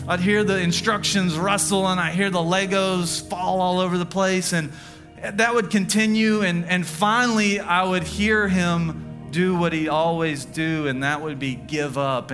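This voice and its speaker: Pastor preaching over music. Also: male voice, sits high. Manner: storytelling preacher, slow deliberate emphasis. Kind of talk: sermon.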